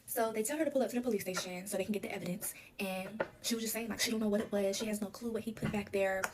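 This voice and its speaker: Fast-talking woman telling her own story. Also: medium pitch, fairly even intonation, noisy background. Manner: rapid, emotional retelling full of "like". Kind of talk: casual storytime confession.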